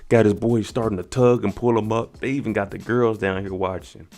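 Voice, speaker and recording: A man's voice: lowish voice, fairly even intonation, a little fast, a little mellow. A man giving a casual, slangy recap of a TV episode and reacting to each scene as he goes. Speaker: TV recap vlogger.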